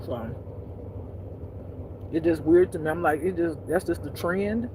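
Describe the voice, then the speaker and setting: A woman's voice: lowish voice, measured pace, noisy background. A woman chatting loosely and profanely to her viewers, laughing often at her own jokes. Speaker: spiritual teacher streaming live. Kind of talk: casual unscripted chat.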